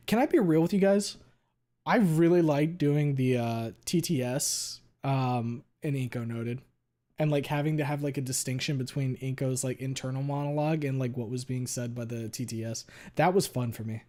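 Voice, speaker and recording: A male streamer chatting casually with viewers, talking quickly and running words together, with a lot of swearing. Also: medium pitch, mellow. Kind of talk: casual chat reading viewer messages.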